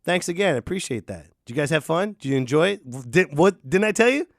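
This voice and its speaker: Man, podcast host, casual rant, jokey, lively pitch swings. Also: fast talker, no room sound, studio quality. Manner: animated, ranting, jokey.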